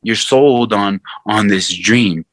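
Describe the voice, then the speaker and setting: A man's voice: lowish voice, takes it slowly, no echo. A man who is a guest fighter in casual chat, talking emphatically and repeating himself for stress. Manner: emphatic, repetitive, animated delivery.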